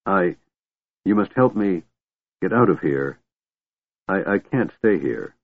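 A man's voice: deep voice, lively intonation, slow, phone-quality sound, heavily acted. A man voicing a frightened, hunted middle-aged man who stammers and pleads, in a storybook reading. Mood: anxious.

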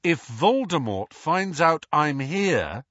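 A man's voice: on the high side, very animated, slow pace, fairly bright tone, no echo, muffled recording, pitched above the performer's own voice, exaggerated voice. A man voicing a tense teenage boy wizard who speaks in an insistent, clipped way.

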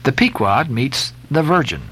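A man reading a classic novel aloud, expressive with occasional halting fillers. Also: medium pitch, slightly rough. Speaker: narrator. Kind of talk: audiobook narration.

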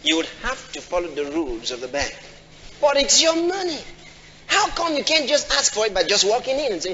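A man preaching a sermon, often asking the congregation questions and acting out quoted voices in a high pitch. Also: very animated, brisk, bright, forceful tone, slight background noise. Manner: call-and-response questions to the congregation. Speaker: pastor. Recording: dull audio in a large reverberant hall.

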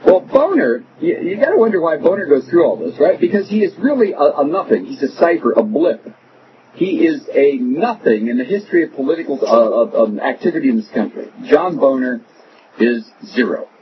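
A man's voice: a little high, big pitch swings, a little fast. A male radio host delivering a mocking, sarcastic, digressive monologue. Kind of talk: opinionated talk radio monologue. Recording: muffled radio broadcast with noise.

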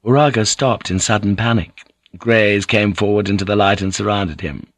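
A man narrating an audiobook in a measured, even storytelling manner. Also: lowish voice, no echo. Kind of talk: scripted narration.

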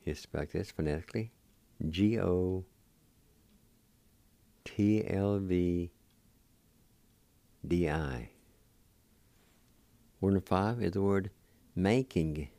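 Slow, gravelly low-voiced man. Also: dark tone, dry recording. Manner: patient, spells letter by letter. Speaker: radio host teaching words. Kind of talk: slow spelled-out language lesson.

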